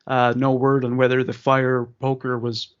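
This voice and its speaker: A man's voice: medium pitch, monotone, normal speed, clean tone. Man reading crime news, lo-fi. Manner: reads news aloud with fillers and asides. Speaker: podcast co-host. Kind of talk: casual news reading and chat.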